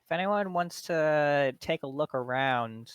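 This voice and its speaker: A man's voice: on the high side, measured pace, clean tone, no room sound. A young man playing a tabletop game, asking questions with hesitations and fillers. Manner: curious, asks questions with hesitations. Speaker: player. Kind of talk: casual tabletop play.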